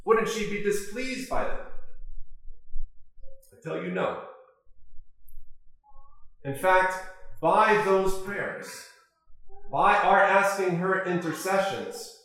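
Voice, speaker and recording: A man preaching a sermon as an Orthodox priest, measured and full of rhetorical questions. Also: high-pitched, fairly bright tone. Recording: very echoey church.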